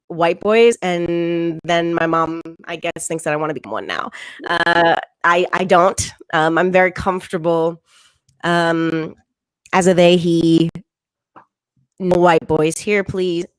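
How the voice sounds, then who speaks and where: A young adult woman-voiced comedian doing a stand-up set from home in a deadpan tone, with frequent ums and little laughs. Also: lowish voice, smooth, dry recording, low-quality recording. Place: home, virtual show.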